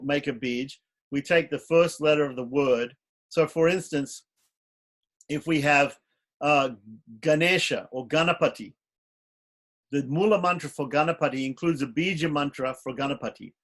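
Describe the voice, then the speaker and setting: Man teaching a class on mantras. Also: fairly high pitch. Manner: explanatory, chants mantras aloud. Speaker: teacher of ritual. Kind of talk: online class lecture.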